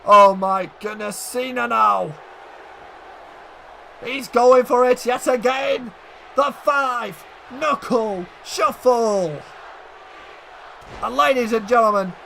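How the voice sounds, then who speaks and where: With an extremely high, creaky voice, a man gives excited wrestling-game play-by-play, often shouting and addressing "ladies and gentlemen." There's slight background noise.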